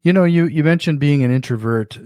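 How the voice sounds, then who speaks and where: A man's voice: a little high, brisk, mellow, dry recording, clean studio sound. A man hosting a casual podcast interview who asks follow-up questions and often restarts his sentences as he talks. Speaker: podcast host.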